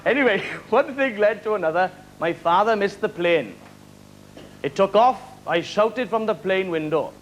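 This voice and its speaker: A Welsh man doing stand-up comedy on a live talent show, firing off quick one-liners and chuckling at his own jokes. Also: high voice, lively intonation, fairly bright tone, a little hiss or hum, poor audio. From Wales. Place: television studio stage before a live audience. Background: studio audience laughter.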